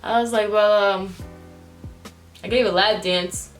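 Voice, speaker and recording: A woman's voice: medium pitch, a little slow, soft background music. A young woman vlogger telling a candid, profane storytime about a breakup, acting out both sides of the arguments. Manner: candid, profane, animated retelling. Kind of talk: storytime vlog.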